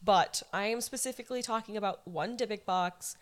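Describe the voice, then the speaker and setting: A woman's voice: mid-range voice, a little fast. A young woman co-hosting a podcast, talking eagerly in a rambling casual way and laughing often. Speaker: podcast co-host. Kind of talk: casual chat.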